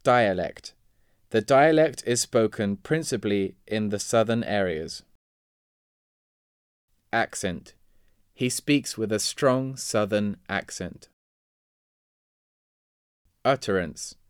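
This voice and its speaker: A man reading vocabulary words and example sentences in a measured, deliberate way. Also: lowish voice, expressive, clear, resonant tone, no echo, clean studio sound. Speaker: vocabulary reader.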